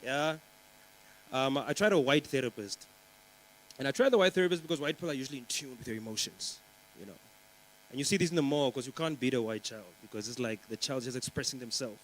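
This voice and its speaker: On a conference stage before a live crowd, a young man from Namibia rambles through a stand-up comedy set at a quick pace, chatting, teasing the audience and leaning on plenty of fillers. His voice sits mid-range, and the recording is rough.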